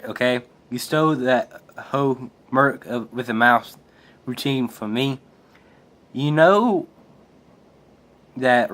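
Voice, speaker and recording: A man's voice: mid-range voice, a bit bright. A man reading as a cocky young hero. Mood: irritated. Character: cocky young male web-slinging hero.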